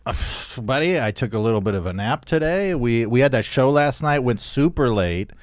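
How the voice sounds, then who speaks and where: A man's voice: mid-range voice, expressive, moderate pace, no room sound. A man in his forties chatting playfully as co-host of a comedy podcast. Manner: easygoing, playful storytelling. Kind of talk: comedic casual chat.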